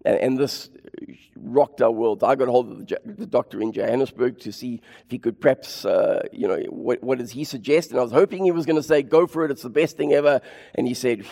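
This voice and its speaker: A man preaching a sermon and telling his own story, impassioned, repeating phrases for emphasis and building to near shouts. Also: medium pitch, brisk, gravelly. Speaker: preacher sharing his testimony. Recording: long hall reverb.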